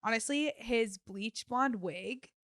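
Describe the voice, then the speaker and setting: A woman's voice: a little high, slow pace, no echo, clean studio sound. A young woman, a guest on a podcast, chatting enthusiastically and full of filler words. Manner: enthusiastic, fillers, animated retelling. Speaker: guest co-host. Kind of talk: casual chat.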